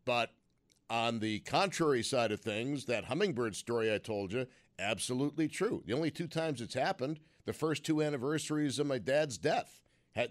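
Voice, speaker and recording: A man hosting a call-in radio show, musing wryly and asking probing questions of callers. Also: medium pitch. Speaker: radio talk show host.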